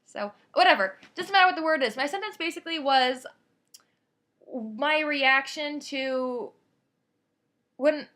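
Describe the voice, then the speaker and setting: A teenage girl talks straight to her camera in a rambling, excitable vlog story, cutting herself off and starting over. Her voice sits a little high and comes across bright and forceful. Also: unhurried, long pauses. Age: teens. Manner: energetic, rambling, self-interrupting. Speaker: vlogger. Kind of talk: casual storytelling monologue.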